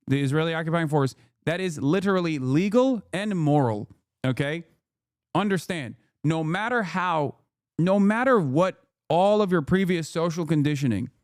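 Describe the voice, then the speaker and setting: A man's voice: fairly high pitch, no room sound. Heated, profane streamer man, dry sound. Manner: heated, profane, emphatic and repetitive. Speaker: streamer host. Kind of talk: political commentary stream.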